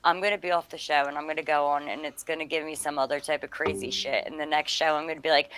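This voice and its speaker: A woman's voice: sits low, steady tone, fast talker, hardly any pauses, fairly bright tone. A woman appearing as a guest musician, chatting bluntly and reacting with squeamish disgust. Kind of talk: casual live-stream chat.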